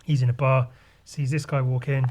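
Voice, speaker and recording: A man hosting a podcast, talking casually through a comic in a loose, sweary, rambling way, his voice a little rough today. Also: medium pitch, little pitch movement, moderate pace, a little mellow. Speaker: podcast host.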